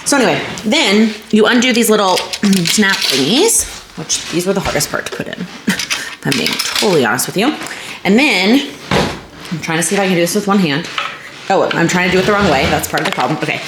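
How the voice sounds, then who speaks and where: Low-voiced rambling young mom vlogger. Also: female voice, expressive, fairly quick. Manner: rambling, chatty, self-interrupting. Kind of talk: casual chat. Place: home, indoors. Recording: echoey room with faint noise.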